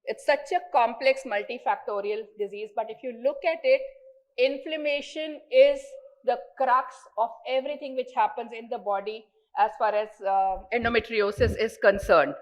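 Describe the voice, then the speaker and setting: A woman's voice: on the high side, moderate pace, a little mellow, rough recording. A woman with an Indian accent giving an earnest, explanatory medical lecture at a conference, repeating words for emphasis.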